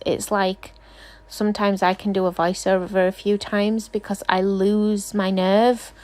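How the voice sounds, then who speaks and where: A woman nail technician doing a casual, rambling tutorial voice-over, chatty and self-deprecating, often apologizing. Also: medium pitch.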